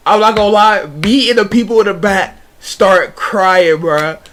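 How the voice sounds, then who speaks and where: High-voiced young man telling a casual story. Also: measured pace, a little hiss or hum. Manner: animated, slangy, frequent restarts and "bruh". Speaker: streamer.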